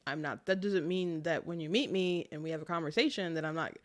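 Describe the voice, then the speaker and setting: Chatty woman hosting political talk. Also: low voice. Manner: chatty, laughs often, quick asides. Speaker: political commentary host. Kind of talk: casual political commentary.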